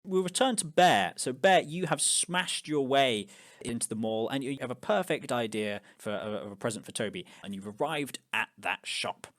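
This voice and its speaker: A man's voice: medium pitch, animated, normal speed, fairly bright tone. A man narrating a tabletop game as game master, casual and loose, with filler words.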